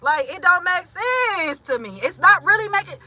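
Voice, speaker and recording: A woman hosting a livestream, venting bluntly with swearing, shifting between heated outbursts and quiet moments and greeting viewers in the chat. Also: very high voice, sing-song, moderate pace, no echo, low-quality recording. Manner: blunt and profane, swings from heated to hushed. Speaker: livestream host.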